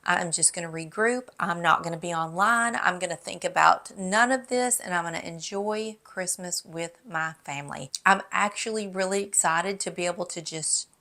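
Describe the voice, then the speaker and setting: A middle-aged woman with a Southern drawl talks straight to her viewers, chatty and friendly, dropping the odd "y'all". It sounds like a casual home vlog recorded at her desk. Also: mid-range voice. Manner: chatty and warm, says "y'all". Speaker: lifestyle YouTuber. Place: home office.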